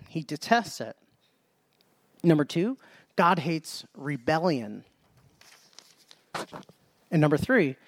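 A man with a high-leaning voice preaches a Bible study sermon emphatically, often repeating phrases and restarting partway through sentences. There's no room sound in the recording.

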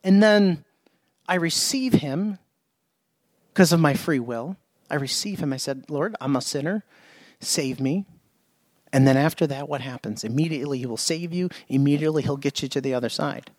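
A man with a high-pitched voice preaches to his congregation, stressing his points by repeating them. He keeps asking the listeners questions. The recording is dry and close. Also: normal speed, a little mellow, no room sound. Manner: emphatic, repeats himself, asks the congregation questions. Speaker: pastor. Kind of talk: sermon. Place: church.

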